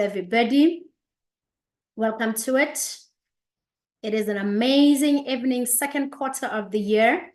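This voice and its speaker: A woman in her thirties hosting an online business session, greeting viewers by name and place with lively enthusiasm. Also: on the high side. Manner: energetic, repeats greetings, reads out viewers' locations. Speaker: host of an online business presentation. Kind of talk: upbeat live-stream greeting and presentation. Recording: echoey room.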